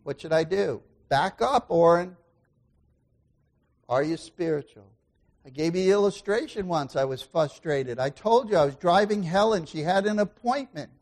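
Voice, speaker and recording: A man preaching a sermon as pastor, asking the congregation questions and swinging between loud exclamations and quiet asides. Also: a little high, expressive, moderate pace.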